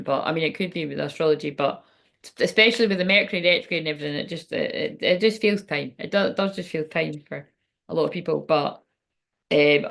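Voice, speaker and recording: A woman's voice: deep voice, vocal fry. A woman doing a casual card-reading livestream. She chats and rambles, swears freely, laughs often and reads the card text aloud. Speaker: tarot and oracle card reader.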